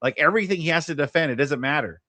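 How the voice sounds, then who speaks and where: A man's voice: fairly high pitch, very fast, pushed and bright, dry recording. A man reacting to a livestream clip with mocking, sarcastic commentary. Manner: mocking, sarcastic, laughs often.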